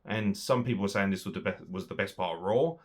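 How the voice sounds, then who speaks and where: A young man giving a sweary, sarcastic solo wrestling review, swinging between loud outbursts and muttered asides. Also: low-pitched, fast.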